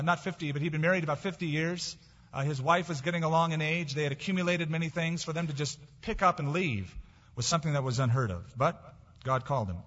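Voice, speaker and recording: A middle-aged man preaching a sermon as pastor, emphatic, swinging between raised declarations and quiet asides. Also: on the high side. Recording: dull lo-fi recording in a reverberant hall.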